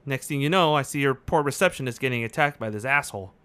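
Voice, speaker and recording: A man's voice: mid-range voice, lively intonation, fast, bright, forceful tone. Terse, clipped man at a game table. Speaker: player. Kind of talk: casual tabletop play in character.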